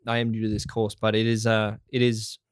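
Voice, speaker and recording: A man's voice: fairly low pitch, monotone, fairly quick, clean tone, no echo, studio quality. A man hosting a casual podcast chat, rambling and swearing with many fillers. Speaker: podcast host.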